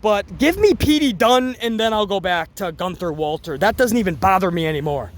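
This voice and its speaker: A man with a fairly high voice talks through a wrestling show in loose, rambling commentary. He gets excited and swears freely, and his pitch climbs when something thrills him. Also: fairly quick, a little hiss or hum. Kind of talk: casual commentary.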